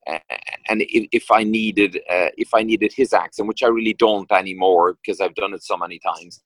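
Irish man from Kerry, middle-aged, lowish voice, dry close sound, rambling, stop-start talk. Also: steady tone, no room sound, poor audio. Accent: Irish, County Kerry. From Ireland. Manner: rambling, halting with many restarts and fillers. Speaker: actor guest. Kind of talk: casual interview chat.

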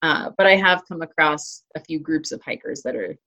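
A woman's voice: sits low, fairly even intonation, moderate pace, bright, forceful tone, highs cut off. A woman talking casually in an interview about hiking and trail running, chatty, with many fillers and restarts. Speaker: interview guest, hiker and trail runner.

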